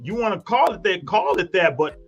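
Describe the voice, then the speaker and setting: High-voiced man arguing defensively. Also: expressive, a little fast, lo-fi sound, crowd noise. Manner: defensive, acts out his own quotes. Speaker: guest on live show. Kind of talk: heated panel debate.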